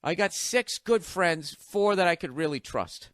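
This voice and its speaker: A man's voice: sits high, expressive, measured pace, a bit bright, dry recording, studio quality. Profane ranting man in his forties. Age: 40s. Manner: profane, ranting, mimics others in bits. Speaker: stand-up comedian. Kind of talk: stand-up comedy storytelling.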